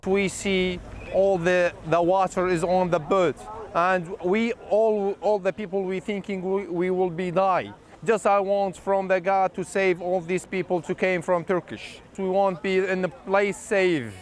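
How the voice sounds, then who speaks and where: Man, high voice, earnest halting broken English, street sounds. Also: fairly even intonation. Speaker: migrant just landed.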